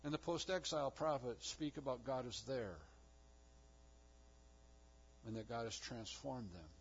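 A man preaching a sermon with emphatic delivery, rising to loud declarations and dropping to hushed low lines. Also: measured pace, muffled recording, slight background noise. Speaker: pastor.

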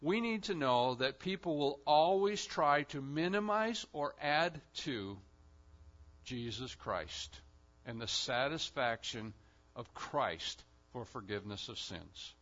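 A man preaching a sermon as pastor, in an emphatic style with sudden loud swells. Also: mid-range voice, lively intonation, a little slow, lo-fi sound.

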